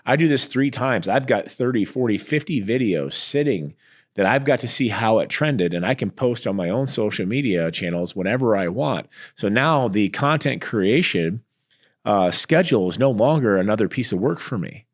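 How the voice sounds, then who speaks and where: A middle-aged man with a slightly low voice talks through his business experience in a casual interview. He is animated and tells stories, switching into the voices of the people he quotes. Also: normal speed. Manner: animated storyteller, acts out quoted exchanges. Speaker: entrepreneur guest.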